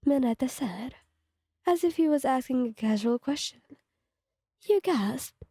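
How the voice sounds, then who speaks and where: Brief: young woman fan fiction narrator, even read-aloud tone, dry recording. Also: sits high, measured pace, pauses often, husky, no room sound.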